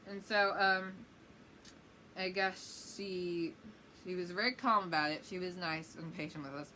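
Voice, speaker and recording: A woman's voice: lowish voice, a little slow, bright, forceful tone, a little hiss or hum. A woman vlogger telling a rambling, chatty story-time tale.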